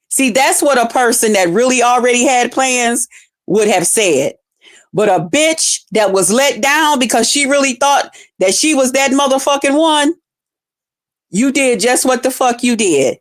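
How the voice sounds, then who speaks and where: A woman's voice: a little high, lively intonation, normal speed. A woman streamer delivering a scornful, confrontational rant full of constant cursing. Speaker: online streamer. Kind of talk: profane ranting commentary.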